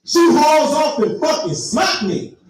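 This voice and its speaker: A man's voice: very high voice, sing-song, measured pace. Man, stand-up comedian, profane storytelling, very echoey room, distant mic. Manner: profane storytelling, addresses the crowd. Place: live comedy venue. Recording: echoey room, heard from far off.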